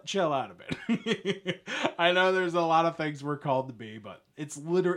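A man hosting his own podcast alone, talking in a rambling, jokey way with frequent chuckles, swinging between low mutters and loud bursts. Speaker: podcast host. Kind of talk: casual solo podcast monologue.

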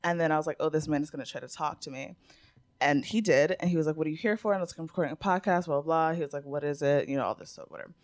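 A woman's voice: low voice, very fast. A young woman co-hosting a podcast, telling a story in casual chat and acting out what people said, often laughing. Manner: animated storyteller, acts out quotes, laughs often. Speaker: podcast co-host.

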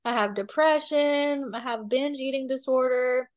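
A woman's voice: sits high, measured pace, dull audio. A woman guest on a video-call interview, talking candidly and dramatically in a rambling way. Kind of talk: casual interview chat.

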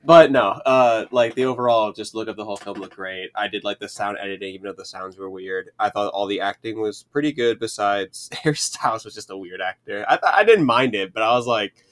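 A man with a somewhat low voice talks about films as a podcast guest. His delivery is loose and chatty, and laughter breaks in easily. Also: brisk, fairly bright tone. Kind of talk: casual film review chat.

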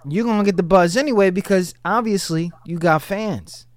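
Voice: mid-range voice, normal speed, dry recording. A radio host chatting casually and loosely into a studio mic, often repeating words.

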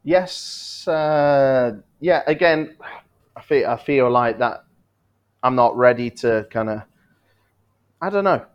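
A man co-hosting a betting podcast, giving football tips in a relaxed, rambling way and correcting himself as he goes. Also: mid-range voice, slow pace, pauses often, clean tone. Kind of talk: casual betting tips chat.

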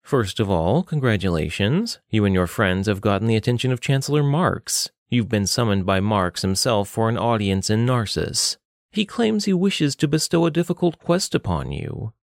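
A man voicing a composed older brother who delivers grave news in a slow drawl. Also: on the low side, sing-song, gravelly, no room sound, studio quality.

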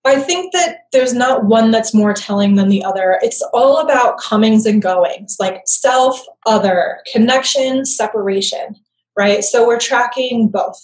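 A woman's voice: a little high, measured pace, a little mellow, roomy sound, low-quality recording. A woman speaking as an interview guest, explaining attachment in a conversational way and often checking in with "right?". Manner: conversational, frequent tag "right?".

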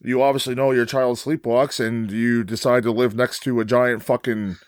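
A man with a mid-pitched voice, recorded dry and close, recapping a film on a podcast. He is blunt and sarcastic and swears freely in casual chat. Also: level tone, moderate pace, no room sound. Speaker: podcast co-host. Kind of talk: casual movie-review chat.

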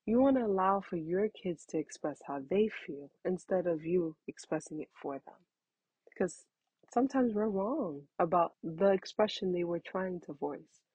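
A woman's voice: lowish voice, expressive, unhurried, a little mellow, husky, dry recording, low-quality recording. A woman in her thirties giving frank, conversational parenting advice, calling the listener honey. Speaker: parenting talk host. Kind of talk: casual advice talk.

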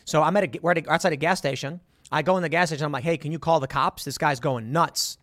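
A man's voice: a little high, fast talker, a bit bright, dry recording, studio quality. A man hosting a show, bluntly voicing opinions and telling stories with quoted dialogue. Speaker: podcast host. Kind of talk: opinionated monologue with storytelling.

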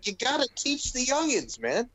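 A man co-hosting a casual podcast chat, animated, swearing freely and breaking into laughter. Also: very high-pitched, moderate pace, no room sound, poor audio. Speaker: podcast co-host.

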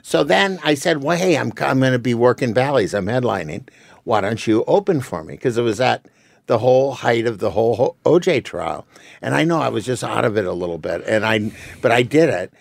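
A man's voice: mid-range voice, fairly quick, vocal fry, no room sound, clean studio sound. A man, a comedian, telling a story in a casual chat and acting out the dialogue. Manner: animated, acts out dialogue in the story.

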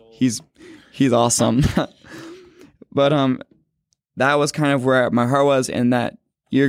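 A man's voice: medium pitch, no echo, clean studio sound. A man of twenty casually telling his faith testimony. He rambles, fills his talk with "like" and corrects himself as he goes. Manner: rambling, heavy use of "like", quick self-corrections. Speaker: speaker sharing a faith testimony. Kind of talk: casual personal storytelling.

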